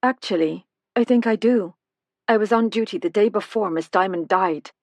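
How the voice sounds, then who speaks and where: A woman narrator voicing an earnest young female nursing apprentice who speaks quickly and urgently. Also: medium pitch, dry recording, pitched above the performer's own voice, close to an everyday voice. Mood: recalling.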